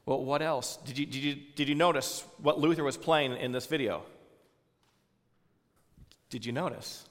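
Southern pastor in a reverberant church. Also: male voice, mid-range voice, moderate pace, fairly bright tone. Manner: conversational, many fillers, asks the congregation questions. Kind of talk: informal sermon to a congregation.

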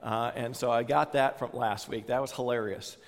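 A man's voice: medium pitch, steady tone, normal speed, big-room sound. A man with a Southern US accent giving an informal sermon, talking conversationally with many fillers and putting questions to the congregation. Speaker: pastor.

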